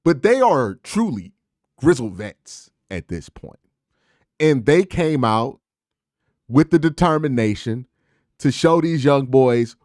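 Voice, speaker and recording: A man giving an excited, slangy reaction to a basketball game, with animated emphasis and sound effects. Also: mid-range voice, slow pace, no room sound, clean studio sound. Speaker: sports commentator vlogger. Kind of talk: excited casual sports reaction.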